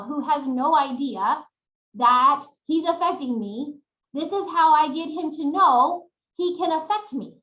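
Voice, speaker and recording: A woman presenting a webinar, demonstrating routines in an animated way, recorded on a webcam at home. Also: high-pitched, roomy sound, rough recording. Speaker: workshop presenter.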